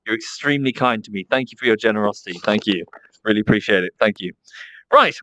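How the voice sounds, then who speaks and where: A man's voice: lowish voice, fast, bright, forceful tone, slight background noise. A man with an Estuary English accent, chatting casually on his livestream, reading chat and talking fondly to his dog. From south of England. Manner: chatty, fondly baby-talks to his dog between remarks.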